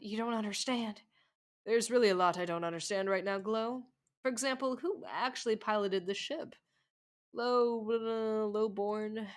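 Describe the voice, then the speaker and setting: A woman streamer reading a game's dialogue and narration aloud during a live playthrough, cursing and laughing at the story as she goes. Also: mid-range voice. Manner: reads all game text aloud, swearing and laughing at the story.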